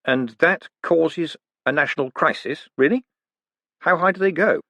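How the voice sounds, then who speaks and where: A man voicing a smooth, quick-witted male con man who talks in a wry, teasing way. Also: a little high, a bit bright, dry recording, pitched above the performer's own voice.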